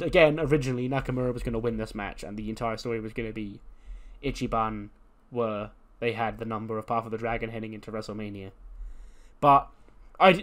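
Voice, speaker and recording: A man's voice: medium pitch, fairly bright tone. A man casually commenting on a wrestling booking game, playful and chatty, acting out the scenes. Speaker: gaming video host.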